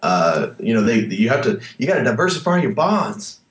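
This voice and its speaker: A man's voice: medium pitch, big pitch swings, brisk. A man co-hosting a podcast, chatting casually and rambling with self-corrections. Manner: rambling, self-correcting, laughs at own attempts. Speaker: podcast co-host. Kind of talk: casual chat. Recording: roomy echo.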